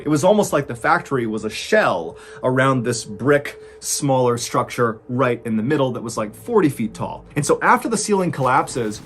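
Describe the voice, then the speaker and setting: A man narrating a true story in a dramatic, suspense-building way, lifting his voice at the tense moments. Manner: suspenseful, builds tension, rises in pitch at exciting moments.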